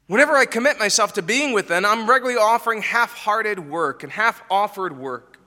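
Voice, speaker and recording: A man delivers a sermon in a bright, ringing voice, pitched fairly high for a man. He preaches emphatically, pressing his listeners with rhetorical questions. His voice carries a long reverb from a large church hall. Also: lively intonation, fairly quick. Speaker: pastor.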